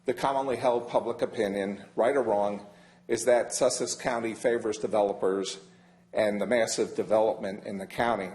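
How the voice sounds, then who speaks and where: Measured, emphatic older man. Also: fairly low pitch, fairly even intonation, darkish tone. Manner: measured, emphatic, stresses key words. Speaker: public commenter at a county meeting. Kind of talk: formal public comment. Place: county council chamber.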